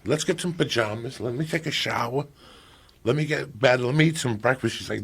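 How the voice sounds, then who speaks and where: A middle-aged man with a gravelly, husky voice telling a profane comic story on a podcast, animated and loud at times, hushed at others. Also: medium pitch, normal speed.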